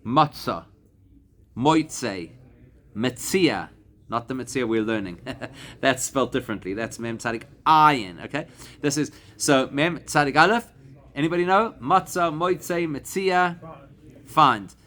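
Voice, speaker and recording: Man, rabbi, mid-pitched voice, Talmud class, patient explaining. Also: animated, sharp tone. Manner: explanatory, slows to spell out Hebrew and Aramaic words. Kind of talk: classroom lesson to a live group.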